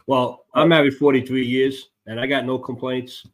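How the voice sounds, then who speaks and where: A man's voice: medium pitch, little pitch movement, normal speed. A man in his sixties with a Chicago accent, a guest on a radio show who talks about his work in a plain, matter-of-fact way. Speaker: guest, motorcyclist advocacy director. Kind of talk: casual interview.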